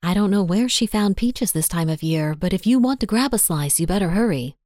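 A woman's voice: medium pitch, expressive, a little fast, darkish tone, no echo, studio quality, natural voice. A woman reading the part of a witty young secretary with a lyrical, teasing way of talking.

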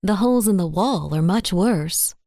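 A woman's voice: mid-range voice, animated, normal speed, mellow, no echo, clean studio sound, lightly acted. A woman reading the part of a witty young secretary with a lyrical, teasing way of talking.

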